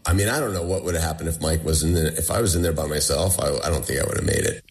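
Rumbling low and talking rapid-fire, the guest narrates his own survival ordeal in a chatty interview. He animates the tale by acting out what others said.

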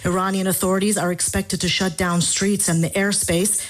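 A woman foreign correspondent filing a news report in an even, serious tone. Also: medium pitch, moderate pace.

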